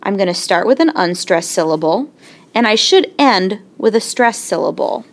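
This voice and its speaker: A woman teaching a lesson in a clear, patient way, slowing down to sound out syllables. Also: mid-range voice, expressive. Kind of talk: explaining a lesson.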